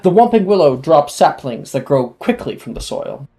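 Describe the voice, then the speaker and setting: A game master voicing a kind, slightly nervous male herbology professor, explaining in a gentle teacherly way. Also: medium pitch, big pitch swings, normal speed.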